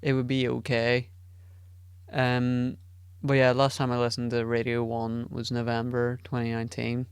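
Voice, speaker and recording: A man's voice: medium pitch, monotone, moderate pace, clear, resonant tone, no room sound, clean studio sound. A man hosting a podcast alone, rambling casually, swearing often and putting himself down. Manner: rambling and profane, self-deprecating. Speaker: podcast host. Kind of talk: casual solo podcast chat.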